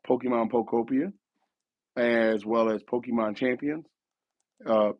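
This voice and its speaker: A man with a lowish voice hosts a casual gaming talk show, rambling and revising his thoughts aloud while getting over a cough that has left him losing his voice. The recording is dry and the audio dull.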